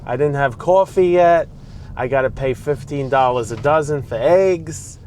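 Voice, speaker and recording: A man's voice: medium pitch, unhurried, a little mellow. A man from the Bronx with a New York accent, ranting in a vlog while he drives and talking back at the traffic around him. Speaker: vlogger. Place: inside a car on city roads. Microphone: dash-mounted camera. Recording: faint road noise inside a car. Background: traffic and street noise.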